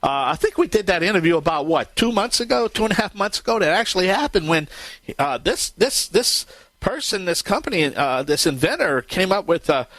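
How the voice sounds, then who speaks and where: An upbeat man hosts a radio talk program, rambling cheerfully with frequent filler words. His voice sits a little high. The sound is dry and close, with no room around it. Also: big pitch swings, brisk, a bit bright, no room sound. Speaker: radio show host.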